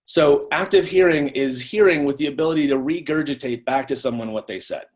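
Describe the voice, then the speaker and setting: A man's voice: a little high, fairly quick, hardly any pauses, darkish tone. Man teaching over a video call. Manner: conversational, repeats words when restarting. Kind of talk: live online training talk.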